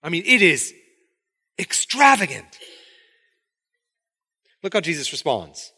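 A man's voice: on the high side, slow, slightly rough. A man preaching a sermon in a conversational way, acting out quotes from the story as he goes. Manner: conversational, animated, acts out quotes. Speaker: pastor.

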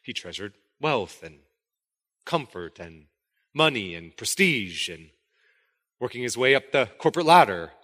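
Lively, bright-voiced preacher in a hall. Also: male voice, medium pitch, a little slow, long pauses. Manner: conversational, animated, acts out quotes. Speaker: pastor. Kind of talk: sermon.

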